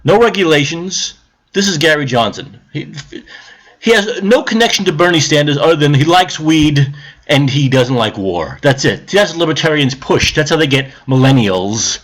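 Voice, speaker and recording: High, animated, profane male ranter. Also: normal speed. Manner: shouting, profane, lecturing the viewer; calmer, grumbling explanation later on. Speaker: political vlogger. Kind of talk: angry political rant to camera.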